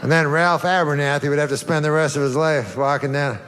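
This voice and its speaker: Guy doing deadpan stand-up, kinda high voice, rambles with lots of you knows. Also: brisk, background noise. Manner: rambling deadpan storytelling, many "you know" fillers. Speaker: comedian. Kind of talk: stand-up and talk show anecdotes.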